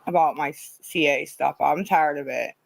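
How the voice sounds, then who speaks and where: A woman's voice: sits low, normal speed, vocal fry, dry recording, low-quality recording. A woman chatting casually on a livestream, rambling, repeating herself and swearing freely. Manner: rambling, profane, repetitive.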